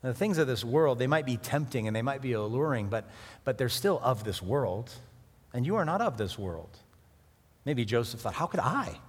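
A middle-aged man preaching a sermon in a conversational, animated way, with sudden emphatic rises. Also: medium pitch, normal speed, husky. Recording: hall reverb.

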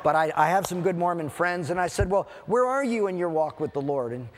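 A man preaching a sermon, telling a lively personal story and acting out the dialogue in different voices. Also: high-pitched, brisk. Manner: animated, acts out dialogue in quoted voices. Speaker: pastor. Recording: hall reverb.

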